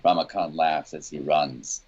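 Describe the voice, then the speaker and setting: A man playing a tabletop game, describing his character's actions over an online voice call in an unhurried way. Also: rumbling low, fairly even intonation, a little mellow, slightly rough, lo-fi sound. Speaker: player.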